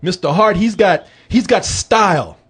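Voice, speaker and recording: A man hosting a movie review podcast, talking in an animated, joking, profane casual chat. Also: sits high, unhurried, husky.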